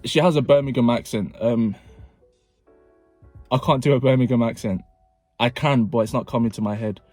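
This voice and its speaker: A young man tells a story straight to camera in a relaxed, chatty way. He gets animated and repeats phrases for emphasis, with his voice at an ordinary mid pitch. Soft music plays faintly underneath. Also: moderate pace, no room sound. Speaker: vlogger. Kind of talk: casual storytime narration.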